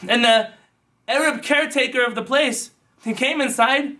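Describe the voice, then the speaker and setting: Impassioned rabbi, heard from afar. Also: male voice, extremely high pitch, moderate pace, bright, forceful tone, far from the mic. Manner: impassioned storytelling that swells into emphatic lists. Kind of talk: sermon-like teaching with stories.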